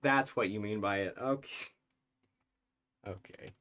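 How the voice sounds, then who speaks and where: A man with a soothing, soft-spoken voice giving casual live-stream commentary, thinking aloud, mumbling and correcting himself as he works. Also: fairly low pitch, unhurried, slight background noise.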